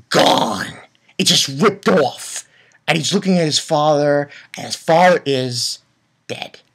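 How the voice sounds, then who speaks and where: A man giving an excitable, profane casual recap of an anime episode, with lots of restarts. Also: on the high side, slightly rough. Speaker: anime reviewer.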